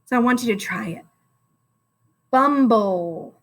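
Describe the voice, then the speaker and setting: High-voiced lady teacher doing a kids phonics lesson, slow and encouraging, sounds out every word. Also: expressive, fairly bright tone. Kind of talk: phonics lesson for young children.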